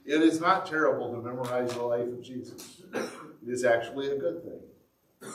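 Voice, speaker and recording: A man delivers a sermon as a pastor, earnest and direct, with an occasional dry sarcastic aside. His mid-pitched voice sits a bit back from the microphone. The room around him is echoey. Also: moderate pace, fairly bright tone, far from the mic.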